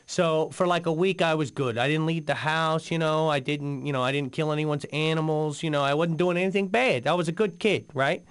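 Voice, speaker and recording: A man's voice: a little high, a little fast, hardly any pauses, clear, resonant tone, close to an everyday voice. An actor playing a rambling, boozy male radio co-host on a comedic in-game talk station, telling a story full of fillers.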